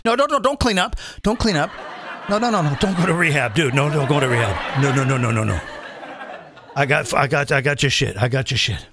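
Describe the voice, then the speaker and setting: A man's voice: a little high, lively intonation, a little fast, over a noisy crowd, pitched below the performer's own voice. A man voicing a pushy male drug dealer who coaxes his customer, repeating himself in a wheedling way. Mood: coaxing.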